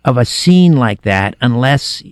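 This middle-aged man, guest-hosting late-night talk radio, is chatty and conversational, telling anecdotes with restarts. His medium-pitched voice is animated and a little slow, with studio quality from a studio microphone and no room sound.

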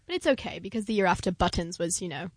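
A woman's voice: fairly low pitch, expressive, fast talker, no echo. A woman co-hosting a comedic call-in show, matter-of-fact and mock-earnest, with frequent sighs. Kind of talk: deadpan comedic banter.

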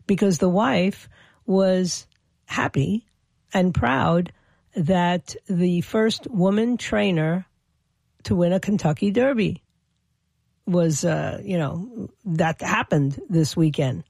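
A political commentator talks through an opinion monologue in a gravelly, creaky voice, recorded dry and close with no room sound. The delivery stumbles over repeated words and restarts, then presses points with indignant emphasis. The pitch sits in a middle range. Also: slow pace, darkish tone, no room sound.

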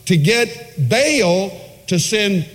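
A man's voice: high voice, sing-song. Emphatic male preacher in a hall. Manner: emphatic storytelling with dramatic pauses. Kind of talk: sermon. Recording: long hall reverb.

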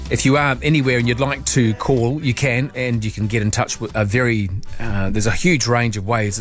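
A man hosts talkback radio from the studio, talking in a relaxed, musing way as he reads out listener messages. His voice sits at an ordinary middle pitch. The mic sound is close and dry with no room echo. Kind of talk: late-night talkback radio chat. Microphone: studio microphone.

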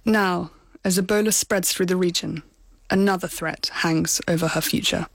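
A woman foreign correspondent narrating a scripted report in a measured, sober storytelling manner. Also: lowish voice, fairly even intonation, vocal fry, no room sound.

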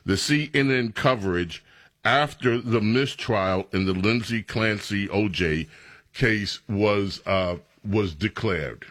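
A man's voice: lowish voice, slow, fairly bright tone. Rambling male talk radio host. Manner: rambling, conversational.

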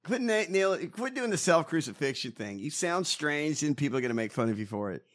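A man's voice: fairly high pitch, sing-song, a little fast. A man in casual political podcast chat, mocking and ranting with lots of swearing. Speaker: podcast co-host.

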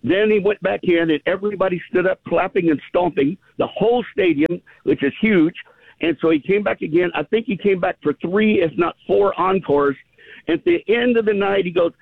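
Man, southern accent, caller, gravelly, dry phone-line sound, eager storyteller. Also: high voice, moderate pace, no echo. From California, US. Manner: rambling, enthusiastic storyteller. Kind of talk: phone-in chat.

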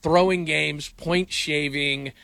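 Middle-aged male sports host, incredulous and rambling, bright tone, close dry mic. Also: on the high side, slow pace, gravelly, no room sound. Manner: animated, incredulous, rambling with restarts. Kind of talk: casual sports talk.

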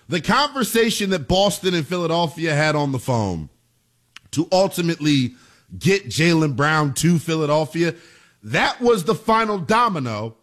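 A man's voice: fairly high pitch, fairly bright tone. A man hosting a sports radio show, giving an emphatic monologue full of rhetorical questions and casual swearing.

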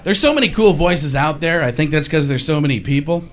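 A man doing animated stand-up comedy, building to shouts, recorded live in a club. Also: fairly high pitch, a little fast, background noise. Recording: live club with loud crowd. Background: audience laughter.

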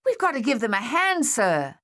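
A woman voicing a steady, practical male soldier who speaks plainly and loudly, in an audiobook. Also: sits high, fairly quick, no room sound, studio quality. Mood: urgent. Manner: loud, plain-spoken.

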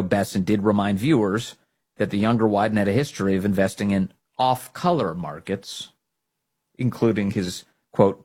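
A man's voice: on the low side, slightly rough. A man hosting a political commentary show, talking in a sarcastic, mocking way and laughing at the people he discusses. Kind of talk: opinion commentary.

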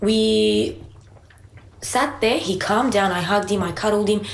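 A woman's voice: medium pitch, a little slow. A woman with a mid-range voice chats about parenting with her co-host. She tells a family story in plain conversational tones and acts out the lines of the people in it. Her voice rings in an echoey room with a faint background hiss. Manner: storytelling, acts out her child and sister in quotes. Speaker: podcast co-host. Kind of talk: casual parenting chat.

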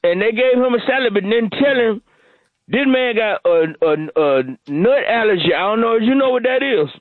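A man's voice: high voice, lively intonation, moderate pace, dry recording. A man playing a boastful, rambling caller who makes excuses and stumbles through restarts in streetwise slang, on a comedy radio bit. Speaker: phone-in caller on a morning radio show. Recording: tinny dry phone line.

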